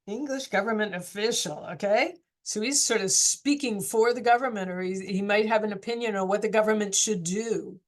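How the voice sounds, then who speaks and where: A woman's voice: medium pitch, normal speed, hardly any pauses. A woman teacher running a casual online class discussion, chatty and encouraging, asking students question after question.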